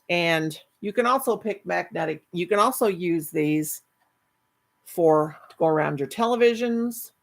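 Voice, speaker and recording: A woman's voice: lowish voice, creaky. A middle-aged woman hosting a casual live stream, reading chat and rambling fondly with many restarts. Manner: chatty, affectionate, rambling with restarts.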